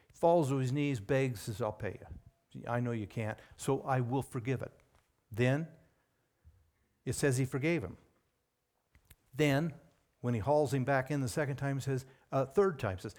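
A man preaching a sermon in an emphatic way, with sudden rises in pitch and loudness on key words. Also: animated, a little slow, pauses often.

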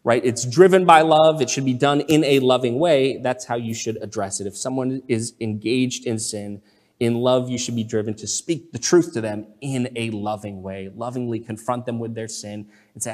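A man's voice: mid-range voice, fairly even intonation, moderate pace, a little mellow, in a large hall. A man preaching a sermon as pastor, earnest, often asking "right?" and reading scripture aloud.

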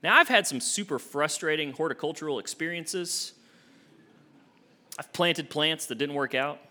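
A young adult man, an associate minister, preaching a sermon with expressive swings from emphatic to hushed. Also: on the high side, normal speed.

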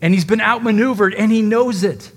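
A man preaching a sermon, dramatically acting out quoted lines with shifting loudness. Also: high-pitched, a little fast. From United States. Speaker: pastor.

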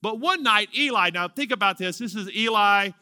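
This is a pastor in his fifties giving an emphatic sermon, acting out dialogue and dramatically drawing out important words. His high, animated voice is pushed, bright, and smooth at a moderate pace. The studio recording is clean, with no echo.

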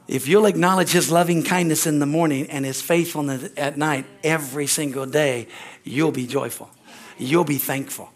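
Guy preaching sunday church sermon, slightly higher voice, goes loud then drops quiet. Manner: call-and-response preaching with frequent amens and hallelujahs; swings between loud exclamations and quiet asides. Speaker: pastor. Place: church sanctuary.

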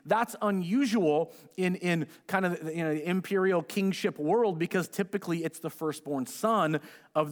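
High-voiced pastor telling a story. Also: male voice. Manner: storytelling, acts out quoted voices casually. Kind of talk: conversational sermon.

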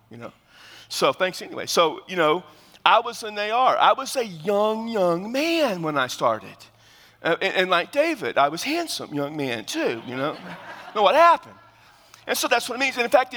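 A man in his fifties preaches in a church sanctuary, his voice bright and fairly high, swinging widely up and down. He keeps it lively and joking, talking with the congregation as he preaches. Long reverb from the hall trails his words. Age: 50s. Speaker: pastor. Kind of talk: sermon.

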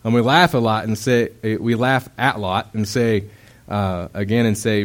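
Speaking at a moderate pace with few pauses, a young man preaches in a low, steady voice. The sermon feels like casual conversation, full of "um"s, and he performs the quotes in different voices, sometimes getting suddenly loud.

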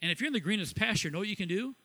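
A middle-aged man from Ohio preaching a sermon as pastor, lively, asking questions and laughing at himself. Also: high-pitched, racing. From Ohio, USA.

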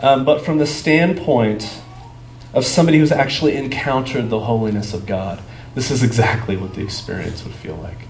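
A man's voice: mid-range voice, moderate pace, slight background noise. A man preaching a sermon as a pastor, talking conversationally and stopping for fillers as he searches for words. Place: church sanctuary. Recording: echoey room with faint ambience.

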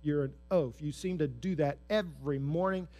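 A man's voice: on the high side, normal speed, warm tone, soft background music, close to an everyday voice. A man voicing an impatient parent who scolds a clumsy child in a belittling, exasperated way. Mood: scolding.

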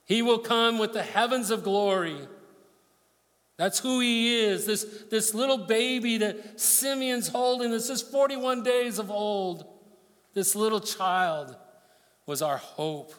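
Male pastor, high voice, sermon with scripture readings, echoing hall. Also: slow, fairly bright tone. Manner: reads scripture aloud then explains it, emphatic.

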